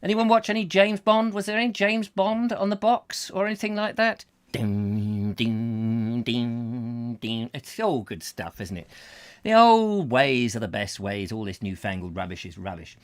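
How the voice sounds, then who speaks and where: A man's voice: sits high, lively intonation, moderate pace. A man hosting a casual show, rambling and reading out comments, often breaking into silly songs and voices. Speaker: host.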